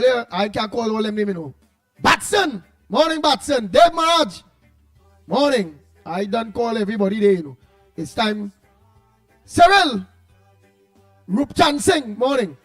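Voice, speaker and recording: A Trinidadian man with a strikingly high voice hosts a casual morning radio chat. He rambles and calls out listeners' names one after another. Soft music plays faintly behind him. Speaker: radio host.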